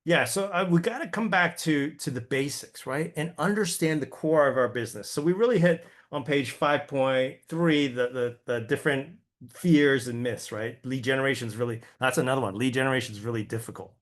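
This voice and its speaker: This man's mid-range voice moves a little quickly as he gives a casual training talk to real estate agents. He keeps the tone chatty, frequently asks listeners "right?", and repeats words when he stumbles.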